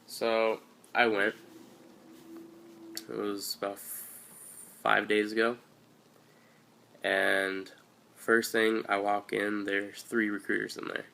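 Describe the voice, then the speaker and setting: A man's voice: fairly low pitch, flat delivery, slow pace, vocal fry, pauses often, sharp tone, slight background noise. An eighteen-year-old man from Washington State telling a story in a casual, rambling, offhand way for his video channel. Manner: rambling and offhand, with loose slangy asides. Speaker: vlogger. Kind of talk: casual first-person storytelling. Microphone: handheld camera or phone.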